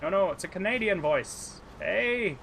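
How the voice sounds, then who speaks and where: A man's voice: on the high side, moderate pace, fairly bright tone, slight background noise. A tired man streaming a game live, chatting casually and breaking into exclamations and laughter. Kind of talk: casual gaming stream chat.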